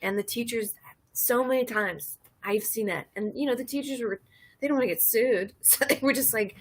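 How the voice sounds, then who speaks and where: A woman's voice: fairly high pitch, fairly quick, slightly rough. A woman in her thirties hosting a casual drinking livestream, rambling through stories, laughing and reading chat messages. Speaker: livestream host.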